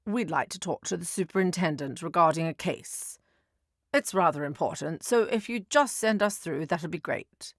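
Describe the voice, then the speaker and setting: A composed, courteous male agent with a fairly low voice, as a woman narrator puts him on. He speaks in a measured, polite way, in a dry close recording for an audio story. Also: animated, dry recording.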